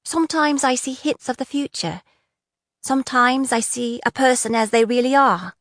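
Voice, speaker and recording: A blunt young woman held captive, snapping back with quick, indignant answers, as a woman narrator reads her. The voice sits a touch higher than the reader's own. The sound is dry and close. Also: fairly bright tone, dry recording. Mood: defiant.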